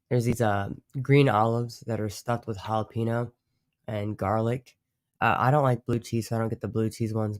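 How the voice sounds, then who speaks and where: A man's voice: on the low side, darkish tone, dry recording, studio quality. Rambling, cussing male streamer. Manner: rambling, profane, self-interrupting. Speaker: livestream host. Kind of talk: casual live stream chat.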